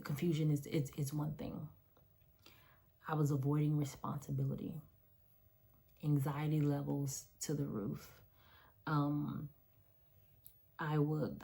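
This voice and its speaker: A woman's voice: deep voice, gravelly, dark tone, husky. A woman and mother of three telling her own story into her phone's front camera, emotional and earnest, repeating phrases for emphasis. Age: adult, mother of three. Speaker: vlogger sharing a personal story. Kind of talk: personal testimony vlog.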